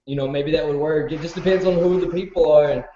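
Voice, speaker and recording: A man's voice: on the high side, fairly even intonation, fast talker, dark tone, echoey room, dull audio, a little hiss or hum. A man chatting casually in a rambling, hedging way that trails off. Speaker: panel guest. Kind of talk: casual group chat.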